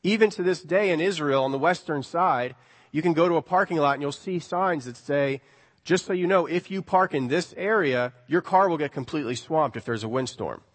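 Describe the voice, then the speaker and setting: Male preacher, animated and conversational, rhetorical questions, voice ringing in a large church hall. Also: on the high side, brisk. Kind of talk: sermon.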